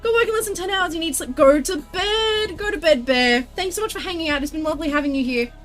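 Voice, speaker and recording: A woman with a high, bright voice talks casually on a livestream as she works on a craft project. She reads out chat messages and answers them in a chatty, exclamatory way, with faint music playing under her voice. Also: expressive, racing. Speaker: streamer crafting a costume tail.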